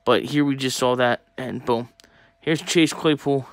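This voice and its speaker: A young man talking casually to viewers while opening sports cards, chatty and excitable. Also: mid-range voice, measured pace, no room sound. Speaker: sports card collector opening packs. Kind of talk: casual pack-opening vlog.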